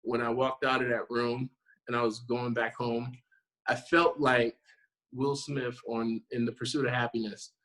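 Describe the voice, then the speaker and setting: A man in his thirties tells a story in a casual interview, voice pitched right in the middle. He springs into little acted-out quotes and laughs as he goes. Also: a little slow, low-quality recording. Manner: animated storyteller, acts out quotes, laughs often. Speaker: guest actor.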